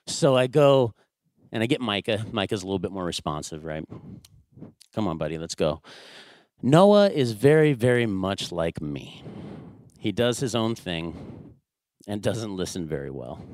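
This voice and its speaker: A man's voice: medium pitch, dry recording, studio quality. A man in his thirties telling a personal family story to a church audience, acting out his own raised voice in quoted lines. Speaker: church speaker. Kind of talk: sermon storytelling.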